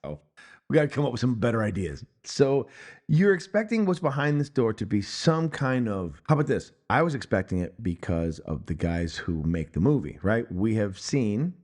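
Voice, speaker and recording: A man's voice: on the low side, moderate pace. A man co-hosting a podcast, ranting in casual, profane film-review banter with mocking humor. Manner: profane, animated, mocking rants. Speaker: podcast co-host. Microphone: headphones and studio mic.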